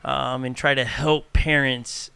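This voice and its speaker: A man, a pastor hosting a casual church podcast, talking in an animated way, acting out little dialogues and often restarting his sentences. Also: medium pitch, takes it slowly, gravelly, clear, resonant tone, no echo. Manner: animated, acts out quoted dialogue, frequent restarts. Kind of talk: casual chat.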